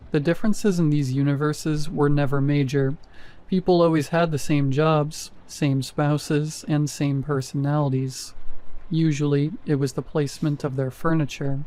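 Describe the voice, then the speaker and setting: A man reading a first-person horror story as scripted narration, in a steady, measured way. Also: on the high side, rough recording.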